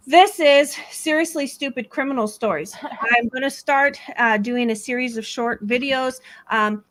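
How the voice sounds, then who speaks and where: A woman's voice: on the high side, a bit bright. A woman from Texas hosting a casual livestream, reading viewer comments aloud in a chatty way, laughing often and using many fillers. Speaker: true crime host.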